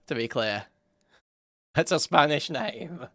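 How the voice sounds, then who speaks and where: A man's voice: on the high side, expressive, measured pace, pauses often, pushed and bright, dry recording, clean studio sound. A man streaming and reacting to clips, mocking them with casual swearing and frequent laughter.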